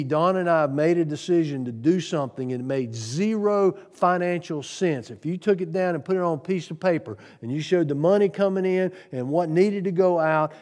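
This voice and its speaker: A man preaching a sermon on giving, earnest, piling up rhetorical questions and swinging from loud to soft. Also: fairly high pitch, in a large hall. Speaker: pastor.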